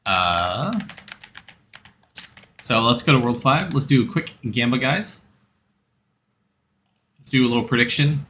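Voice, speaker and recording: A man's voice: mid-range voice, lively intonation, unhurried, long pauses, fairly bright tone, a little hiss or hum. A man streaming a game, chatting casually and rambling as he answers chat and gives game tips.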